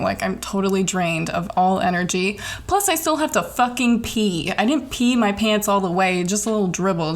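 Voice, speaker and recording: A young woman in college, hosting her own podcast and telling a personal story in a chatty, animated way, swearing often and filling her talk with "like". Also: lowish voice. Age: young adult. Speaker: podcast host.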